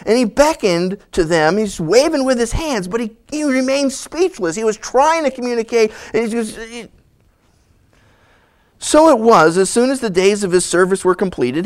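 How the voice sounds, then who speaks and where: A male pastor teaching in a conversational sermon, animated and storytelling. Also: sits high.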